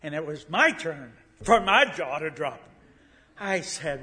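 An older man preaches as a visiting speaker in a church sanctuary, telling a story in a folksy way. His voice sits a little higher than average and he often pauses with fillers and restarts his sentences. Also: expressive, bright, forceful tone. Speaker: guest preacher. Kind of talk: sermon storytelling.

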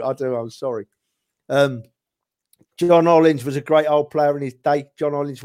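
A man's voice: mid-range voice, dark tone. A man in casual chat, reminiscing about favourite players, rambling with chuckles and restarts. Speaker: podcast guest, football fan.

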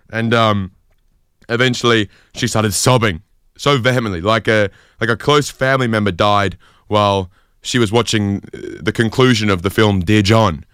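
A young man hosting a podcast, telling a rambling comic story in a deadpan way. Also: on the low side, normal speed, clean tone, no room sound, clean studio sound. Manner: rambling, deadpan, lots of fillers. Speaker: podcast host.

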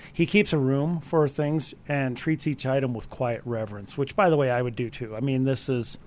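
A man giving a conversational radio movie review, animated and speaking straight to the listeners. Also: a little high.

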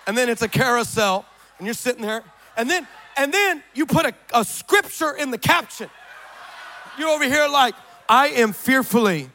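A man preaching in church to a congregation, telling stories with jokes and sudden shouts. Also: very high-pitched, moderate pace. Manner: animated storytelling, joking and shouting to the crowd. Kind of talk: sermon. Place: church service in front of a congregation.

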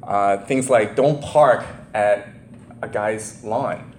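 A man preaching an informal sermon as a pastor, talking haltingly with many fillers and restarts and laughing at himself. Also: lowish voice, a little mellow, a little hiss or hum. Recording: echoey room sound.

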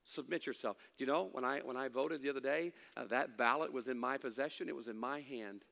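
A middle-aged man preaching a sermon as pastor, swinging from loud emphatic lines to hushed asides, with folksy humor. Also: mid-range voice, fast talker, creaky. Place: church sanctuary. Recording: long hall reverb.

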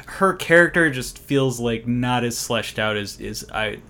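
A man's voice: mid-range voice, lively intonation, slow, sharp tone. A man co-hosting a casual movie discussion, rambling with many fillers and restarts. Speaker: podcast co-host.

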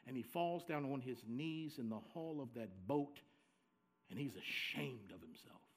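A man preaching a sermon as pastor, with dramatic swings from soft low asides to loud, high cries. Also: expressive, unhurried, husky.

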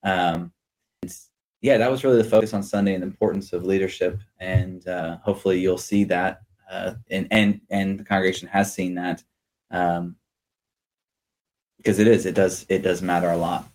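A man hosting a church podcast, chatting casually and joking as he asks his guest quick questions. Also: low voice, steady tone, a little mellow. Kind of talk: casual chat.

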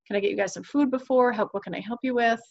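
Rapid-fire and on the high side, with the highs cut off in the audio, this woman is a podcast guest discussing parenting. She tells stories with earnest enthusiasm, performing the quoted dialogue.

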